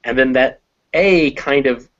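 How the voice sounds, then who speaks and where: Male English teacher, mid pitch, explains slowly with thinking pauses; slightly dull recording. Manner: explains step by step, pausing to think with many ums. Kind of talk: conversational language lesson.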